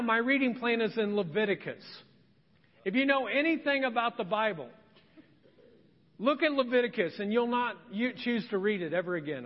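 A middle-aged man preaching a sermon as pastor, earnest and conversational, with dramatic pauses. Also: very high-pitched. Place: church sanctuary. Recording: dull, hall reverb.

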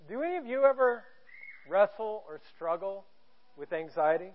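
A man with a high voice preaches a sermon in a church auditorium. He speaks in a candid, self-deprecating way and drops in jokes. The sound is thin and narrow, as if heard over a phone line. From Indiana, US. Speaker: pastor.

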